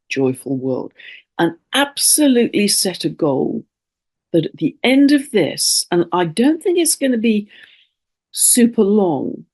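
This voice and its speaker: A woman's voice: sits low, dark tone. A woman astrologer talking in a casual spoken monologue, earnest and rambling, often restarting her sentences and at times stirred up with emotion.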